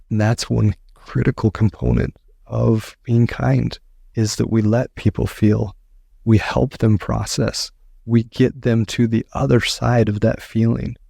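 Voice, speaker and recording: A man's voice: on the low side, gravelly, darkish tone, dry recording, studio quality. A man speaking as an author and podcast guest, telling his story earnestly and repeating phrases for emphasis.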